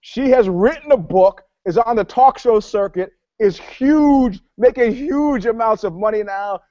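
A man's voice: high-pitched, measured pace, mellow, no echo. A man telling a long story in casual chat, rambling with many restarts and acting out the lines of others. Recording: dull, dry lo-fi sound.

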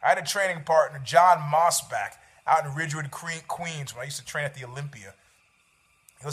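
A man's voice: fairly high pitch, fairly quick, fairly bright tone. A man, hosting a show, rambling about fights with sarcasm and freely dropping swear words. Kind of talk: casual chat about fights.

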